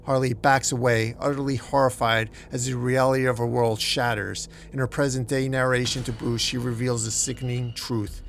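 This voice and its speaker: A man's voice: medium pitch, level tone, moderate pace, creaky, few pauses, slight background noise. A man hosting a comic recap, telling the story in a dramatic way. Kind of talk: comic book recap narration.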